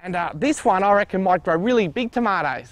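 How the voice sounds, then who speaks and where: A man's voice: high-pitched, animated, brisk. A man asking naive, joking questions as a comic co-presenter outdoors at a plant nursery. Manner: goofy, eager, asks naive questions. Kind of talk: playful tongue-in-cheek banter.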